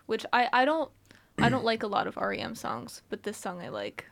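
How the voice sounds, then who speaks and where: A woman's voice: a little high, huge pitch swings, brisk, vocal fry, a bit bright. A young woman co-hosting a student radio show, teasing and insistent in casual chat. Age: young adult. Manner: playful, insistent. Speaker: radio co-host.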